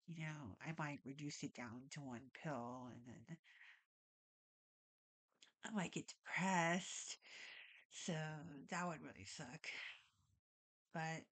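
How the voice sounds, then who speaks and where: A woman vlogging casually at home, rambling and saying "like" a lot, with a stuffy nose and audible breathing. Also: deep voice. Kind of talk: casual talk to camera. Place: at home, alone.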